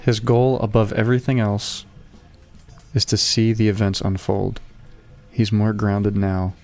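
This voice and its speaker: A man playing a tabletop game, reading his character's notes aloud in a halting way. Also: on the low side, faint music behind. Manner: excited, swearing, reading haltingly. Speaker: player.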